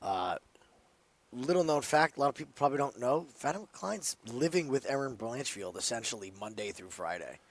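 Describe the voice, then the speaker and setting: A man talking casually as a sports betting analyst, telling scenarios with animated rises and then dropping low at the ends of lines. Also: fairly quick. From New Jersey. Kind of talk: casual podcast chat.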